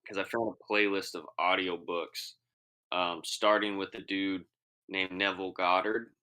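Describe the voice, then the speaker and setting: A man's voice: low voice, level tone, a little slow, sharp tone, clean tone. A young man co-hosting a podcast in casual chat, laid-back and slangy with many fillers. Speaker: podcast co-host.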